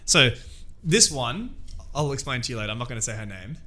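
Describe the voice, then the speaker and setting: A man's voice: mid-range voice, expressive, a little fast, sharp tone. A young man co-hosting a podcast, rambling through stories with swearing and laughter. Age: young adult. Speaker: podcast co-host. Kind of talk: crude casual banter.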